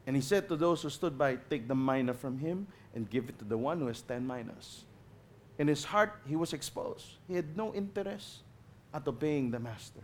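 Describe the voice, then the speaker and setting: A man with a Filipino accent preaching a sermon as a guest pastor, passionate, swinging between loud emphasis and quiet asides, slipping in Tagalog phrases. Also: mid-range voice, expressive, moderate pace, a little hiss or hum.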